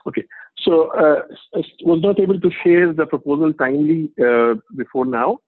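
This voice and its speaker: A man giving an update in an online meeting, halting and often correcting himself, with a husky voice over a video call. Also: on the high side, steady tone, dry recording. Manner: halting, self-correcting, many fillers. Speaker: meeting presenter. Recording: tinny phone-like call audio.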